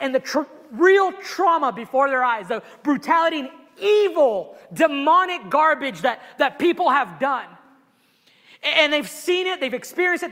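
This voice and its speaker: Male pastor, very high and bright voice, emotional sermon delivery, church hall reverb. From immigrated to the US at twelve. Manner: emotional, animated preaching with many restarts. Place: church sanctuary.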